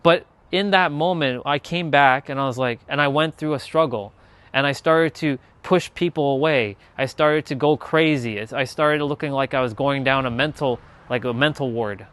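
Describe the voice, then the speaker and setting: A man's voice: mid-range voice, moderate pace, a bit bright, smooth, no echo. A man telling a personal spiritual story, earnest and rambling, with many restarts and trailing phrases. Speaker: spiritual content creator.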